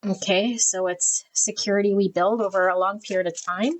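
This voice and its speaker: A woman's voice: mid-range voice, steady tone, moderate pace, rough recording. A middle-aged woman reading tarot, gushing over each card and getting emotional as she flips through a deck. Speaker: tarot reader.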